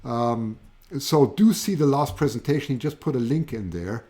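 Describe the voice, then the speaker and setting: A man with a German accent hosting a live stream, chatting enthusiastically to viewers with many halting restarts. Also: mid-range voice, lively intonation, mellow. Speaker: host of a livestream. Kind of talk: casual live-stream chat.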